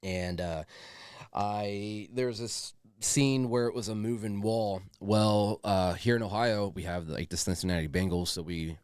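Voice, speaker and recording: A man with a very deep voice hosts a podcast in relaxed, enthusiastic chat. He swears freely and calls everyone "dude." The sound is dry and close. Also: a little slow, smooth, no room sound. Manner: loose and enthusiastic, swears, says "dude" a lot. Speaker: podcast co-host. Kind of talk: casual chat.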